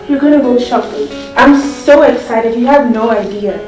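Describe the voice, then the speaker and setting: A woman's voice: on the high side, normal speed. A woman with a Ghanaian accent acting a loving girlfriend, coaxing and affectionate. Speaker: actress playing a girlfriend. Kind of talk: comedy drama acting. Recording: echoey room, mic far off, music behind.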